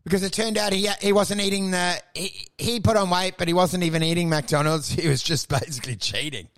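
Man, gravelly, high bright voice, loud animated storytelling, casual podcast. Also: fairly quick. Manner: animated, loud storytelling with profanity and acted quotes. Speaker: podcast co-host and stand-up comedian. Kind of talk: casual chat.

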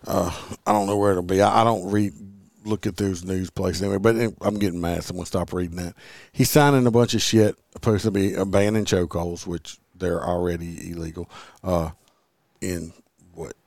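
A man's voice: sits low, fairly even intonation, moderate pace, creaky, darkish tone, dry recording, studio quality. A man hosting a podcast, reading news aloud and ranting bluntly, with lots of profanity. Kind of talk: casual political talk.

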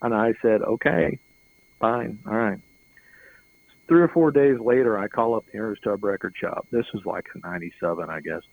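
Brisk and low-voiced with some vocal fry, a middle-aged interview guest rambles through a long anecdote, chuckling and repeating words along the way. The sound is phone quality.

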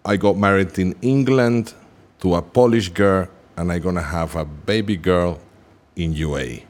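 Low-voiced male guest, relaxed, self-mocking humor. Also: measured pace. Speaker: podcast guest. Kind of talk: casual podcast interview.

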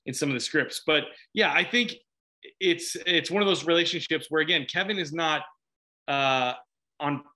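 Bright-toned, laughing actor from Chicago. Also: male voice, on the high side, moderate pace. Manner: animated, laughs often, rambling restarts. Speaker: actor guest. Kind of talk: casual interview chat.

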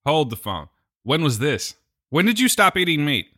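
A man's voice: on the high side, sing-song, normal speed, sharp tone. A man co-hosting a podcast in casual chat, joking with a dry, teasing humor. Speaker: podcast co-host.

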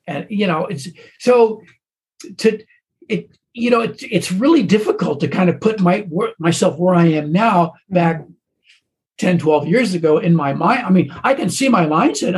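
A man who is an author talking in a casual conversation, halting, with many restarts. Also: a little high, darkish tone.

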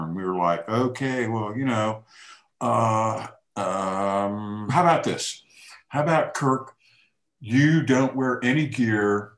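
A man's voice: lowish voice, slow pace. A man hosting a casual chat, telling stories and acting out the quoted dialogue. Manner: lively anecdote teller, acts out quoted dialogue. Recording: roomy echoey room.

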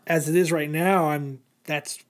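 A man's voice: on the high side, fairly even intonation, a little slow. A man casually retelling a comic book plot, rambling with lots of fillers. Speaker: podcast co-host.

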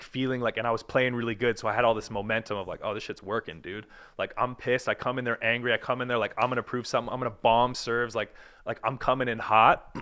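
A man's voice: medium pitch, a bit bright. A man in his thirties, a professional volleyball player, talking casually and energetically on a podcast, full of slang and swearing.

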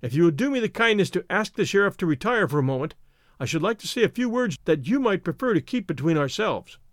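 A man reading an audiobook, voicing a calm, witty Irish male lawyer who speaks slowly and courteously. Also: sits high, no room sound, clean studio sound. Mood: composed. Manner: slow, courteous, unruffled.

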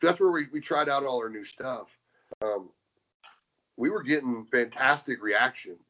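A man in a casual interview, recalling his wrestling days in a rambling, restart-heavy way. He gets animated when retelling exchanges. His voice is middle-pitched and the sound is dull and lo-fi. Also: a little slow. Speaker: former pro wrestler, guest.

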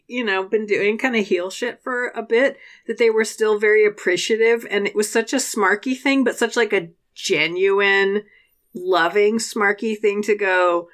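A young adult woman co-hosting a podcast in casual chat, animated and sweary, laughing often. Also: mid-range voice. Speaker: podcast co-host.

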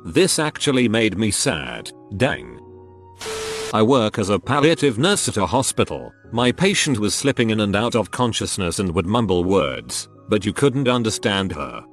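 A man with a lowish voice reads online stories aloud, his pitch rising and falling in an animated way. Soft music plays faintly underneath his narration. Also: moderate pace. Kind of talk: reading forum stories aloud.

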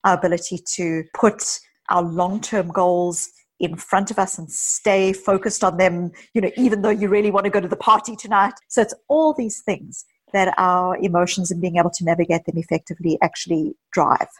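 A woman psychologist, a guest in an interview, talking earnestly and telling personal stories with quick asides. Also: lowish voice, fairly even intonation, husky. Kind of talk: casual interview conversation.

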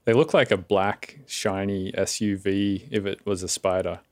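Man, podcast guest, casual rambling chat, low voice, dry sound. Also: fairly even intonation, unhurried, a little mellow, dry recording. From Australia. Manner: rambling, filler-heavy, laughs at own stories.

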